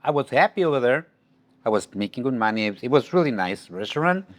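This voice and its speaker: A man's voice: medium pitch, a little fast. A man with a French accent in an interview, telling an anecdote and acting out the dialogue. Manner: animated, acts out quoted dialogue. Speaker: longtime restaurant staff.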